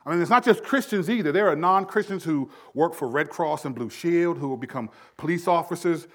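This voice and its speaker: A middle-aged male pastor preaching a sermon, animated, acting out everyday dialogue as he teaches. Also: a little high, brisk.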